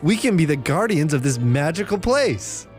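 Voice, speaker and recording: A man's voice: on the high side, big pitch swings, moderate pace, a little mellow, faint music behind, voice pushed down. A man voicing an adventurous young male mouse in a children's story, close to his own voice.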